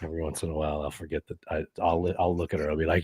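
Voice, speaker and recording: A man hosting a casual comedy podcast, animated and jokey. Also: very deep voice, racing, breathy edge, dry recording, clean studio sound. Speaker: podcast host.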